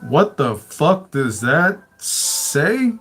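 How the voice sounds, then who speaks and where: A man's voice: a little high, very animated, very slow, fairly bright tone, husky, soft background music. A man hosting a show, telling his own stories casually, swearing constantly and chuckling often. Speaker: show host. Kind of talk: casual storytelling.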